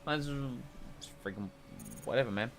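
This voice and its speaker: Faint music plays behind a brisk, medium-pitched man commentating on his racing game stream. His talk is casual, jokey, and meandering until the race begins and he turns excitable.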